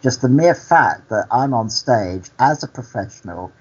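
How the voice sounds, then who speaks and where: A man with a slightly husky, mid-pitched voice tells stories in an unhurried, earnest way. He is a guest being interviewed. The audio is dull and lo-fi. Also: expressive, darkish tone. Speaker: actor and activist guest. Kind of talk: candid conversational interview.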